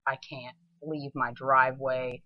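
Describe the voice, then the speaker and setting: A woman's voice: a bass voice, level tone, measured pace, dry recording, muffled recording. A young woman with a Southern accent chatting casually to camera from her floor at home, blunt and laid-back with plenty of fillers. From southern United States. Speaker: model and vlogger. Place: home, sitting on the floor indoors.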